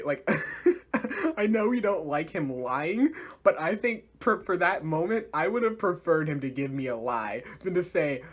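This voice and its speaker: A man giving a casual video review of a series, animated and slangy, laughing often. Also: on the high side, slightly rough.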